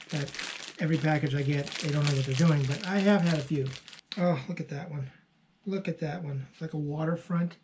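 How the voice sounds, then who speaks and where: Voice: mid-range voice, noisy background. Gushing, chatty postcard seller. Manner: chatty, gushing over each card, frequent fillers. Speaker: online postcard seller and channel host. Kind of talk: casual unboxing commentary.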